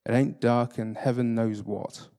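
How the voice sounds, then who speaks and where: A man reading aloud and voicing a surly, grumbling male dwarf, gruff and scornful. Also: mid-range voice, fairly even intonation, unhurried, warm tone, natural voice.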